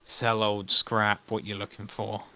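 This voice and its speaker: A man puts on an apathetic merfolk clerk at a scrapyard, a low, bright and smooth voice. He sounds flat and dismissive. The sound is dry and close. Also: measured pace, no echo.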